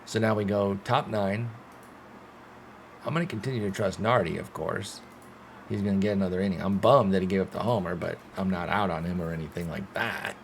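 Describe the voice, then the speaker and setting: A young man commentating his own baseball sim game like a play-by-play announcer, swinging between sulky frustration and loud excited outbursts, with some swearing. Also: sits low, brisk, vocal fry, slight background noise. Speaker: gaming streamer.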